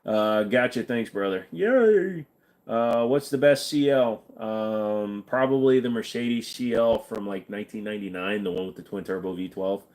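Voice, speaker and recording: A man hosting a casual livestream, reading viewer questions and answering them in a relaxed, chatty way. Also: on the low side, normal speed. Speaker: livestream host reading chat.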